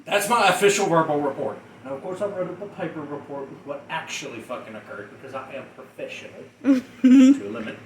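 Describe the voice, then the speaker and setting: A man telling a profane comedic rant in an animated way, often laughing through his story. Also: a little high, normal speed, reverberant, distant mic, slight background noise, rough recording.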